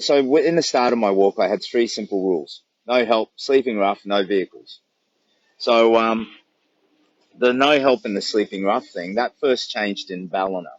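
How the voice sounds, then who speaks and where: Over a phone livestream from his bush campsite, an Australian man on a long charity walk rambles through warm, laughing stories in a casual chat. He has a lowish voice; there's no room sound, and the highs are cut off.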